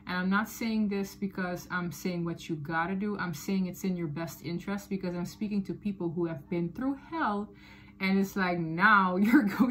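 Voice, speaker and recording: A woman giving a tarot reading to her viewers, talking in a loose, animated way, often laughing and repeating phrases. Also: mid-range voice, rough recording. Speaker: tarot reader. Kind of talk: casual tarot reading to camera.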